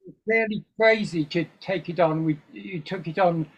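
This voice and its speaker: An older English musician, a guest in a casual interview, speaks in a high, slightly rough voice at a moderate pace. He rambles, with frequent ums and restarts, and the lo-fi recording sounds dull.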